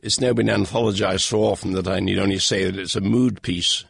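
An older man with a gravelly, husky voice reads his own foreword with dry, wry humor. He sits low in pitch and takes his time, and the recording is close and dead, with no room sound at all. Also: steady tone, fairly quick, dry recording. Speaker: author reading his own introduction. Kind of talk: read-aloud personal foreword.

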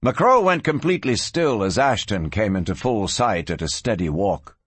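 A man reading a western audiobook aloud, his voice husky and lively, rising and falling as he tells the story. The sound is close and dry, with no room around it. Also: lowish voice, normal speed, dry recording. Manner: expressive, varied storytelling. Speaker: audiobook narrator. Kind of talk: scripted western audiobook narration.

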